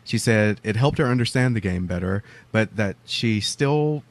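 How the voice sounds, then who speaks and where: A man's voice: on the low side, expressive, moderate pace. A male podcast co-host from the southern United States, making wry remarks and reading listener mail aloud.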